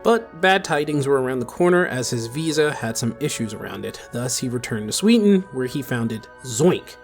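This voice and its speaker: A man's voice: medium pitch, expressive, normal speed. A young man narrating a scripted gaming video essay in a chatty way, with self-deprecating asides. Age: young adult. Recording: faint music underneath.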